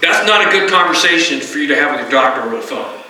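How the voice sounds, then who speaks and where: A middle-aged man preaching from a church pulpit, chatty and direct with his congregation. His voice is very bright and sits a little high. He is caught from some distance in a strongly echoing sanctuary. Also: lively intonation, quick pace. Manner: conversational, often asks the congregation "right?". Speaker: pastor. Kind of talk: sermon. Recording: roomy hall, distant mic.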